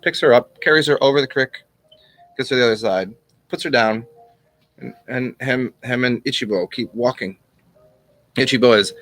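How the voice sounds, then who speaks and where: A man talking casually as a channel host, teaching and telling old parables in a rambling, unhurried way, with restarts and the odd chuckle. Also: medium pitch, fairly bright tone, dry recording. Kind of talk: casual spoken teaching and storytelling.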